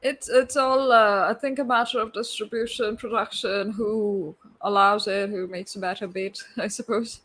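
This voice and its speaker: A woman hosting a casual interview, asking questions in a thoughtful, measured way. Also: mid-range voice, steady tone, a bit bright. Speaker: talk show host.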